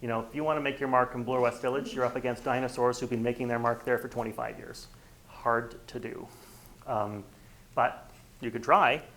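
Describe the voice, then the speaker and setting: A man leads a real estate training workshop in a conversational lecture, often acting out bits of dialogue. His mid-range voice is steady, moderately paced, and a bit bright, on a rough recording with slight background noise.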